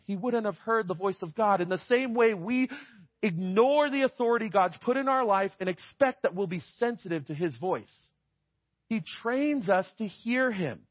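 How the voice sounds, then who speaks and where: Guy preaching, high voice, chatty, keeps asking right?, dry dull lo-fi sound. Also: no room sound. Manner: conversational, often adds "right?". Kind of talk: sermon.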